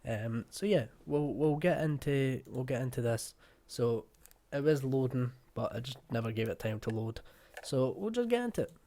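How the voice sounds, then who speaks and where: A man's voice: medium pitch, normal speed, hardly any pauses, mellow. A man with a broad Fife Scottish accent, hosting a casual reaction video in a chatty, rambling way. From Scotland, Fife. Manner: chatty, rambling, with many fillers.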